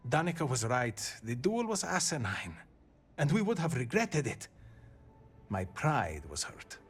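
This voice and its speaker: An actor playing a rough male game character who drinks, jokes and grudgingly admits his faults. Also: medium pitch, big pitch swings, a little slow, exaggerated voice. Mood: gruff. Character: rough, hard-drinking male brother, proud. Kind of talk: video game voice acting.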